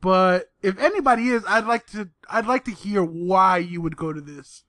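A man's voice: high voice, normal speed, pushed and bright, no echo. A young man co-hosting a podcast, talking casually and hesitantly with lots of restarts. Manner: hesitant, repeats words, laid-back. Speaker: podcast co-host. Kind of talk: casual chat.

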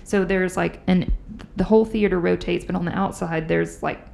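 A woman's voice: fairly low pitch, moderate pace, creaky. A woman hosting a podcast, telling ghost stories in a chatty, casual way. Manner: chatty, animated storyteller. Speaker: podcast host. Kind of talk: casual chat, storytelling.

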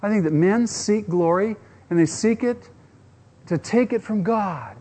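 Animated preaching man, fairly high voice. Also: unhurried. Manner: rhetorical questions, animated preaching with acted quotes. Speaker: pastor. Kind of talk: sermon.

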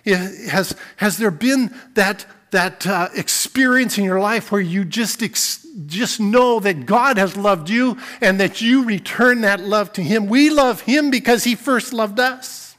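A male pastor delivers a sermon in a high, light voice. He turns from soft, thoughtful passages to forceful emphasis. He repeats key phrases to drive them home. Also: a little slow, few pauses. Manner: swings between quiet reflection and emphatic preaching.

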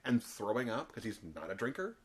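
A man co-hosting a podcast in a relaxed, casual chat. His pitch swings widely as he talks, and he gets animated when he makes a point. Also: a little fast, husky. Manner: animated, jumps into voices when retelling. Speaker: podcast co-host.

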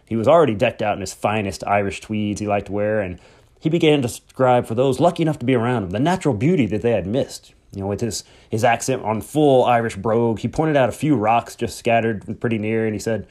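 A man's voice: fairly low pitch, fairly quick. A middle-aged man hosting a podcast, telling rambling, conversational stories about his late brother, grieving but hopeful. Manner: conversational and rambling, with restarts and soft chuckles. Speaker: podcast host. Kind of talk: personal storytelling, memorial tribute.

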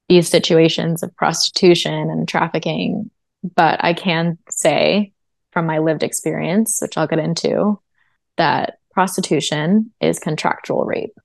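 Interview guest: woman with a lowish, gravelly voice, earnest and reflective, dry close sound. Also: no room sound. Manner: earnest and reflective, with frequent fillers. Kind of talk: personal testimony in a podcast interview.

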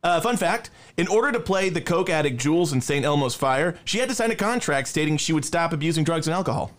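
A man's voice: on the high side, expressive, fast. A young man co-hosting a podcast, reading through actors' film credits in a casual chat and laughing often. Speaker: podcast co-host.

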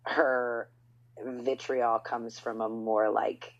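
A woman hosting a podcast, telling stories in a casual, animated way with big upward swoops for emphasis. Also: very deep voice, drawn-out words. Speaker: podcast host. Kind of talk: casual chat. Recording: dull lo-fi sound.

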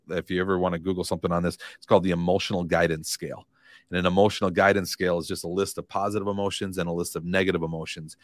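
A man's voice: low voice, dry recording, clean studio sound. A man, a real estate coach, talking earnestly in a casual podcast interview, motivational and given to repeating his phrases.

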